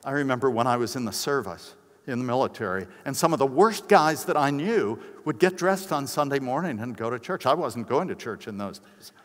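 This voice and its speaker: A man's voice: animated, a little fast. An older man, a pastor, preaching a conversational sermon at a conference, telling personal stories and acting out quoted voices. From United States. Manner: conversational, acts out quoted voices with big pitch jumps. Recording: long reverb of a large hall.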